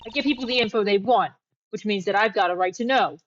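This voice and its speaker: A woman's voice: medium pitch, fast, a little hiss or hum, close to an everyday voice. Woman reading as a brash Southern reporter gal. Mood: pushy. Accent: put-on Southern US. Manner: pushy, brash. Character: brash nosy female reporter, pushy. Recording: dull lo-fi audio. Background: game music.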